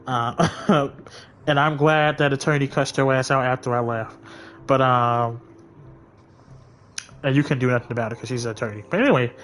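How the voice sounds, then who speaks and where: A man's voice: medium pitch, fairly even intonation, normal speed, pauses often, fairly bright tone, slight background noise. A man streaming a game, casually telling a story in a blunt, venting, profane way. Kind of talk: casual storytelling while gaming.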